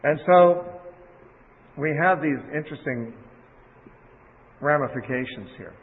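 A man's voice: a little high, measured pace. Man preaching over tinny, echoey audio. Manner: conversational, paraphrases scripture in everyday words. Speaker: Bible teacher. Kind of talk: sermon. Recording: phone-like audio in a reverberant hall.

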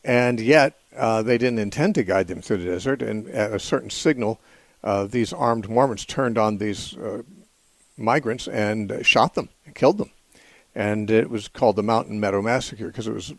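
Measured male radio host, dry close sound. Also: lowish voice, gravelly, no echo. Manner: measured, thoughtful, frequent fillers. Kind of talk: call-in radio Bible teaching.

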